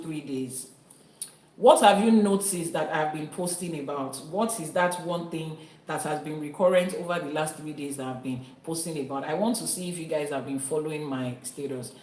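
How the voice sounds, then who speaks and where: Woman from Nigeria, live-stream host, earnest and emphatic; lowish voice in an echoey room. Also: normal speed, a little mellow. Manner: earnest, emphatic, addresses viewers directly. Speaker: Ifa priestess hosting a live stream. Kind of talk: live-stream teaching talk, reading viewer comments.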